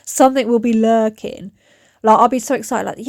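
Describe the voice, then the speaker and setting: Woman DIY vlogger, about forty, chatty and rambling, slightly high voice, dry throat, close dry phone sound outdoors. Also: normal speed, a little mellow, no echo. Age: around 40. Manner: rambling, chatty, loses her thread. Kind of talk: chatty vlog talk to camera. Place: outdoors in her back garden. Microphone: phone camera.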